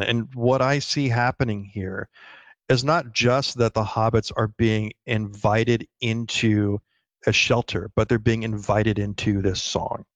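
Low-voiced man in a dry close-up. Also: no echo. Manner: earnest, explanatory, quick restarts. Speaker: podcast co-host. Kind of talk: casual literary discussion.

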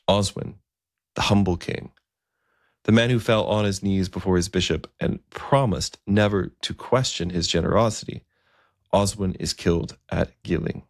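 A man telling a historical story in a relaxed, conversational way, with asides and fillers. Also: low voice, vocal fry, no room sound, studio quality.

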